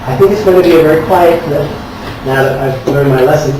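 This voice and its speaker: A man's voice: on the high side, fast. Chatty male speaker in echoey hall. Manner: chatty, joking with the audience. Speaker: conference speaker. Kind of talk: casual workshop talk. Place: conference room. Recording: echoey hall, distant mic, noisy.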